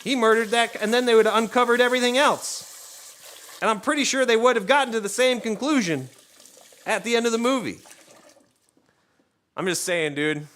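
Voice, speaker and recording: A man's voice: very high voice, normal speed, long pauses. A young man hosting a cooking stream from his home kitchen, chatting casually, joking and swearing as he goes. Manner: animated, swears freely, jokey tangents. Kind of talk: casual chat while cooking.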